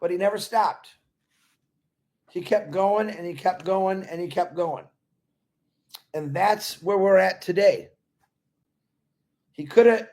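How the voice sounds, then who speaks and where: A man's voice: sits high, vocal fry. A man giving a casual motivational talk to company members. He is earnest and rambling and repeats his points. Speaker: company supporter talking to members.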